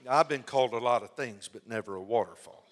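A man preaching a sermon, telling a story with lively delivery and acting out the lines of the people in it. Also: medium pitch, fast talker. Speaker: pastor. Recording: long hall reverb.

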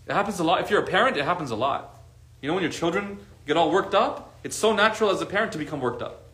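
A man's voice: high-pitched, a bit bright. A man teaching a casual study class, talking conversationally and often checking in with his listeners with rhetorical questions, dropping in Arabic religious expressions. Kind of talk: casual lesson to a group. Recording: echoey room.

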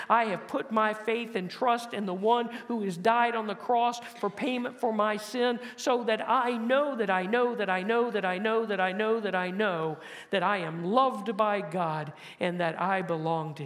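A man preaching a sermon as pastor, building to emphatic, louder phrases and then dropping soft and low to close each point. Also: a little slow. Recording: long hall reverb.

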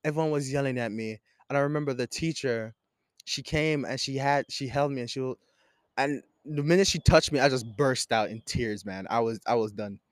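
A young man from Jamaica telling a casual story in a slangy, animated way, swinging between laughing and hushed tones. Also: medium pitch, a little fast, no room sound, studio quality.

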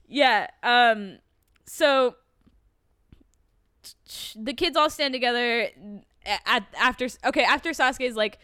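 Woman co-host, casual recap, animated storyteller, slightly high, dry close sound. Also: moderate pace, smooth, dry recording. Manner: animated retelling, acting out characters' lines; swearing, sarcastic. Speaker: podcast co-host recapping an anime. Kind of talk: casual chat.

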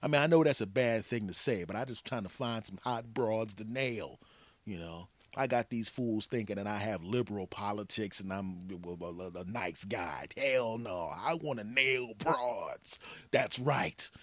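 A man's voice: on the low side, a little slow, no echo. A middle-aged man hosting a comedy podcast, ranting in a mock-arrogant, profane, sarcastic way. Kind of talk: comedic rant sketch.

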